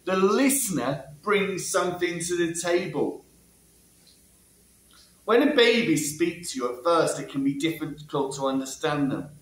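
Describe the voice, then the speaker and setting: A man's voice: fairly high pitch, lively intonation, unhurried. A man explaining ideas about language learning in a casual monologue, asking rhetorical questions and tagging his sentences with "yeah?". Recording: echoey room.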